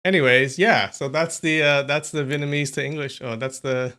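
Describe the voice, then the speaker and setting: A man's voice: on the high side, fairly even intonation, normal speed, sharp tone, smooth. A man hosting a casual livestream, chatty and thinking aloud, laughing often. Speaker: streamer.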